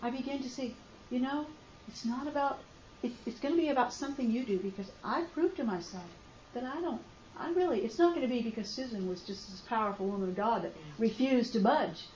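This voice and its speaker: Woman with a high voice giving an emotional testimony that swings from quiet to loud, recorded roomy and slightly dull. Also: a little fast, a little hiss or hum. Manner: impassioned storytelling that swings from hushed to loud outbursts. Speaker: speaker sharing a faith testimony.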